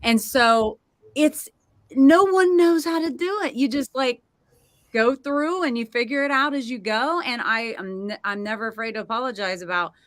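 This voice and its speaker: A middle-aged woman hosting a casual panel chat, emotional and expressive, often laughing. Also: on the high side, moderate pace, no room sound. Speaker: host.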